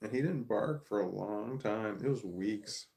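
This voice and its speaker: A man's voice: fairly low pitch, a little slow, creaky, a little mellow. A man telling a rambling family story in a casual, profane monologue, restarting his sentences often.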